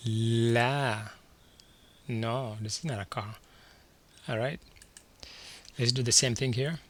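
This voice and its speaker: Slow, bright-voiced male language teacher. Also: medium pitch, slight background noise. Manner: slow, patient, repeats each word. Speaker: Arabic teacher. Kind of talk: slide-based language lesson.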